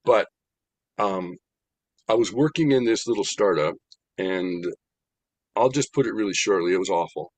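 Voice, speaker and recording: Older man, lowish voice, animated storyteller, dry close sound. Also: no echo. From American. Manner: animated, humorous, slows down for emphasis. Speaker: spiritual speaker. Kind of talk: storytelling talk.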